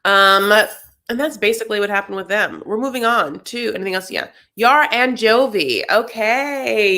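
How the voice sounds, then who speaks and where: A woman's voice: mid-range voice, a bit bright. A woman co-hosting a casual reality TV recap show, chatty and gossipy, calling people honey. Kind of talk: casual chat.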